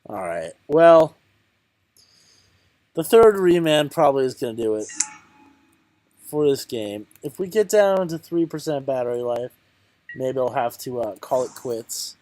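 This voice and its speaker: A man's voice: mid-range voice, animated, unhurried, pauses often, a little mellow. A man giving casual, rambling commentary on his card game, muttering to himself, counting aloud and mocking his own bad luck. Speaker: channel host playing a card game.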